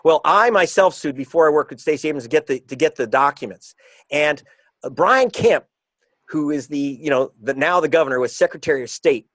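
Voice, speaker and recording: A man being interviewed as an author and reporter, talking in an emphatic, combative way and slowing down to stress his points. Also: a little high, fairly bright tone, no echo. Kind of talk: interview guest.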